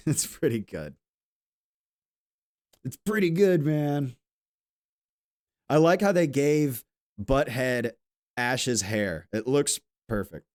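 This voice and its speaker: A man live-streaming a game, chatting loosely with his viewers and swearing, with sudden loud outbursts. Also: mid-range voice. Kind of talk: casual live-stream chat while playing a game.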